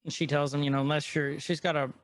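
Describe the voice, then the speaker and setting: A man's voice: a little high, racing, no room sound, clean studio sound. Chatty man retelling a show. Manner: animated retelling with quoted lines. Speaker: podcast co-host. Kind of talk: casual chat recapping an episode.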